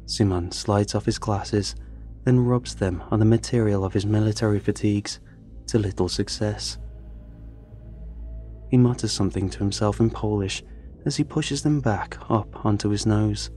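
A man reading a first-person story in a measured, tense storytelling manner. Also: fairly low pitch, dark tone, soft background music. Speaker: narrator. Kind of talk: scripted first-person narration.

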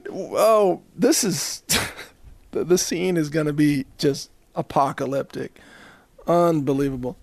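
A man's voice: on the high side, slow, creaky, darkish tone, no echo, clean studio sound. A man from the Southern US hosting a ranting monologue, sarcastic and chuckling between jabs. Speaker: host.

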